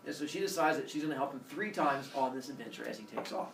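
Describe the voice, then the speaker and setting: A man's voice: mid-range voice, fast, vocal fry, slight background noise. A male teacher retelling a myth to his class in a playful, jokey way, acting out the characters. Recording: echoey classroom from far off.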